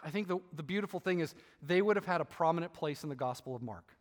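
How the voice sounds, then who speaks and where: A man's voice: a little high, expressive, quick pace, long reverb tail. A male pastor preaching with passion, repeating key phrases for emphasis. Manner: impassioned, emphatic preaching with repetitions. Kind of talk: sermon.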